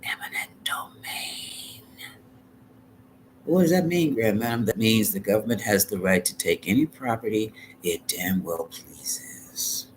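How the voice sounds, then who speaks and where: A man's voice: on the low side, brisk, a little hiss or hum. A man giving a live tarot reading in a dramatic, colloquial, sassy way, sometimes dropping into whispered asides. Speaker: tarot reader.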